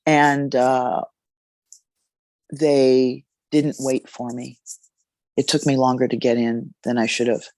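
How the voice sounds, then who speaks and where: Female jazz vocalist, interview storytelling; gravelly, close dry sound; expressive, halting delivery. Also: rumbling low, dry recording. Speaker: jazz singer.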